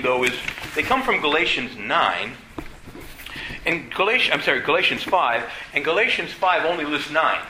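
A man teaching an adult church class, halting with many "uh"s and repeated words, then speeding through his points. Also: mid-range voice, pushed and bright, a little hiss or hum. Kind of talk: adult faith class lecture. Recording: echoey room, faint ambience.

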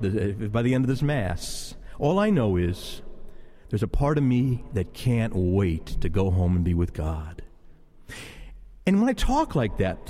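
Priest preaching in a reverberant church, man. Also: medium pitch. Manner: conversational preaching, with slow, hushed prayerful passages. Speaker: Catholic priest. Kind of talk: sermon. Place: church during Mass.

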